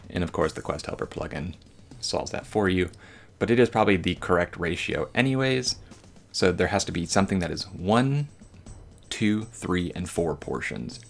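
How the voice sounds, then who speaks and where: A man's voice: sits low, animated, normal speed, vocal fry. A man giving casual, rambling gameplay commentary as a voice-over, slangy and joking.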